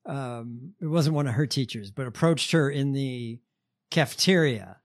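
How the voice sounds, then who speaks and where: A man co-hosting a podcast, telling stories in a relaxed, sarcastic way with lots of fillers. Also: medium pitch, unhurried. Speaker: podcast co-host. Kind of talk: casual chat.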